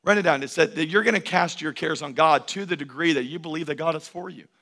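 A male pastor delivering a sermon in a bright, forceful voice pitched a little high. He preaches in a rhythmic, repeating cadence. He swings between ringing emphatic calls and hushed, close asides. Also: fast talker. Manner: emphatic, swinging from loud declarations to hushed intimacy.

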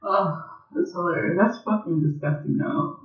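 A woman's voice: lowish voice, moderate pace. A young adult woman co-hosting a podcast, reacting casually with laughs and swearing. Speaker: podcast co-host. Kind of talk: casual chat. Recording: distant, echoey, dull lo-fi sound.

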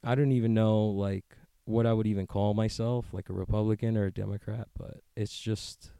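A man's voice: lowish voice, steady tone, a little fast, warm tone, smooth, dry recording. A man hosting a podcast from the street, rambling and joking in a profane, casual way, often working himself up into a rant. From United States. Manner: rambling, profane, joking, gets worked up into ranting. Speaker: podcast host. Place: outdoors on a street.

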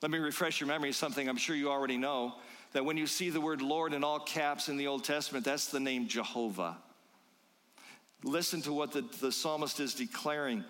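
A man preaching a sermon, emphatic and rhythmic, slowing down to quote scripture. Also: on the high side, a bit bright, long reverb tail. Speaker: pastor.

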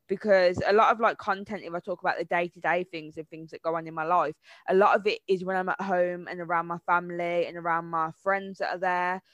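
A woman's voice: fairly low pitch, fairly even intonation, fairly quick, few pauses, a bit bright, no echo. Young woman, enthusiastic, emphatic, dry close sound. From Birmingham, England. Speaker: guest, presenter. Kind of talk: casual interview chat.

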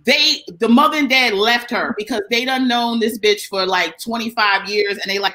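A woman with a high, bright voice tells a story in loose, casual chat. She swears freely and acts out the people in it, jumping between them. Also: normal speed, few pauses, poor audio. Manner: profane, animated, acts out the people in her story. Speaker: comedian telling a story.

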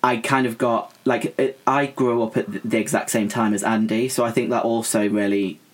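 Husky young guy on a podcast, rambly, restarts a lot, mid-pitched. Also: fairly even intonation, normal speed. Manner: rambling with many fillers and restarts. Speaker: podcast co-host. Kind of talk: casual film chat.

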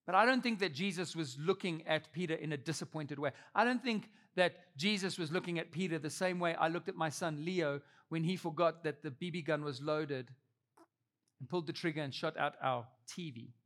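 A man in his thirties preaching a sermon, telling the story with animated delivery and acting out the quotes. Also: fairly high pitch, normal speed. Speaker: pastor.

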